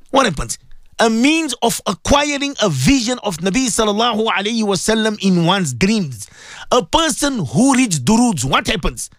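A man's voice: high-pitched, a bit bright, dry recording, clean studio sound. A man preaching a radio sermon, impassioned and pleading, repeating himself and mixing Arabic religious phrases into his English. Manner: impassioned, pleading, repetitive exhortation.

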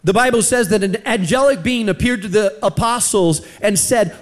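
A man preaching a sermon, telling a personal story and slowing down for emphasis. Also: sits high. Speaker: pastor.

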